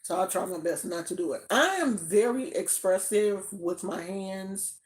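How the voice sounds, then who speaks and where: A woman's voice: medium pitch, expressive, measured pace. An older woman hosting a spiritual channel, chatting casually on a livestream in a rambling way. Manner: chatty, rambling, with fillers and restarts. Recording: roomy echo.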